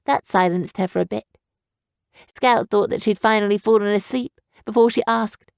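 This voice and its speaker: A woman narrating a young adult fantasy audiobook in a steady, even storytelling manner. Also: medium pitch, moderate pace, vocal fry, dry recording, studio quality. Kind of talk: scripted narration.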